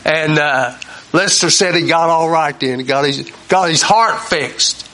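Bright-voiced folksy preaching man. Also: a little high, measured pace. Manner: homespun storyteller, repeats key phrases. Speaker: Christian talk show host.

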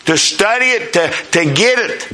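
A male preacher with a high, bright, forceful voice delivers a sermon. He talks in a folksy, down-home way and keeps checking in with his listeners. He slows right down to read scripture with weight. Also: lively intonation. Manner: folksy, questioning the congregation often; reads scripture slowly and emphatically.

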